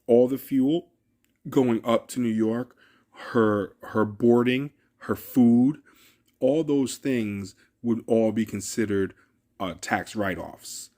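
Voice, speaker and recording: A man's voice: mid-range voice, takes it slowly, warm tone. A man who deals cars, talking casually and emphatically to his viewers, often addressing them directly. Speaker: car dealer vlogger. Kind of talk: casual talk to camera.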